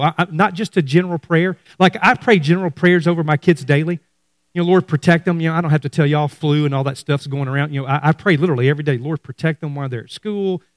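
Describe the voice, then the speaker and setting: A man's voice: a little high, fast, dry recording, studio quality. A middle-aged man preaching a sermon, speaking animatedly to his congregation. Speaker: pastor.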